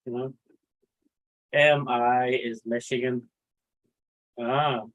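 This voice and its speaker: A man's voice: mid-range voice, little pitch movement, drawn-out words, fairly bright tone. Guy rambling on a livestream, cursing a lot, reading out chat, sounds like a phone line. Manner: rambling, swears a lot, reads chat aloud. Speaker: livestream host. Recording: tinny phone-like audio.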